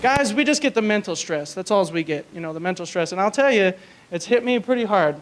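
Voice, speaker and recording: A man's voice: high-pitched, lively intonation, fairly quick. A young man doing a stand-up comedy set in a small club. He tells crude, rambling stories and fills them with likes and you-knows. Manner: crude, rambling storytelling with many fillers.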